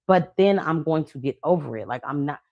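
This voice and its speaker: Love coach woman, low voice, dry. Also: a little fast, dry recording, lo-fi sound. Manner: animated storytelling, acts out quoted people; slangy, conversational. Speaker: love coach and podcast host. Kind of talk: casual podcast chat.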